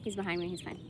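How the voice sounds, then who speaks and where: With a little hiss or hum in the background, a woman vlogger chats casually to camera, swearing freely and breaking into laughter. Her pitch is medium.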